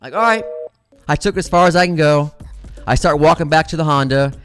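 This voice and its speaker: Profane, excitable middle-aged man telling stories. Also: a little high, a little fast, faint music behind. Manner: animated, profane, excitable storyteller. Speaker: comedian host. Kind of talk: casual comic storytelling.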